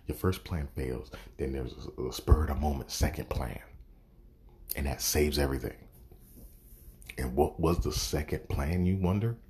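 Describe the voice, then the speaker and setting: A man's voice: a bass voice, normal speed, a little mellow, slightly rough. A man giving a casual, profane movie review, exasperated and sarcastic, swearing constantly.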